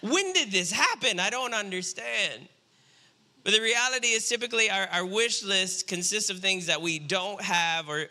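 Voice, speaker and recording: Animated, bright-voiced man preaching. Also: fairly high pitch. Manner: animated, jokey, acts out family voices. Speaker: pastor. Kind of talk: storytelling sermon. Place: church stage.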